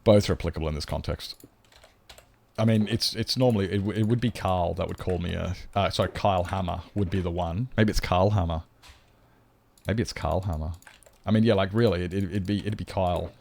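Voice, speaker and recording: A man's voice: sits low, brisk, vocal fry, a little mellow. An Australian man chatting bluntly and swearing to viewers during a casual live stream. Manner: blunt and sweary, rambling, chats to viewers while gaming.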